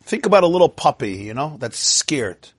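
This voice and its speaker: A man giving an informal Torah lecture in a lively, joking way, acting out inner voices. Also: a little high, moderate pace, breathy edge, no echo, clean studio sound. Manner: animated, acts out inner voices, laughs at own jokes. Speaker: Torah class teacher.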